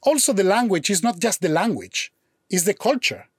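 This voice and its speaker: A man's voice: high voice, normal speed, breathy edge, no room sound, studio quality. A man, a language teacher chatting casually in English and telling stories with acted-out dialogue. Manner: animated storyteller, acts out quoted dialogue, frequent restarts; non-native English with slips. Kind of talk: casual conversation.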